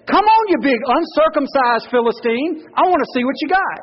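A man voicing a brash teenage shepherd boy who taunts a giant, half shouting and excited. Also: very high voice, fairly quick, big-room sound, highs cut off, voice pushed up. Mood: brash taunting.

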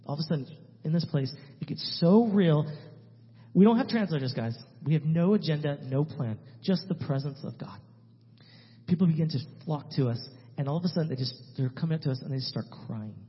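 A man, a missionary speaking to a church, telling a story in an emphatic way that swings between loud and hushed. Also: a little high, a little fast. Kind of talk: animated testimony storytelling. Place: church sanctuary. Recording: reverberant hall, dull lo-fi sound.

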